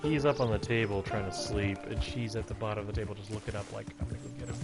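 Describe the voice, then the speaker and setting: A man's voice: on the low side, fast talker, over loud music. Chatty male game streamer at home. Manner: chatty, self-deprecating, talks to his cats. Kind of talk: casual gameplay commentary.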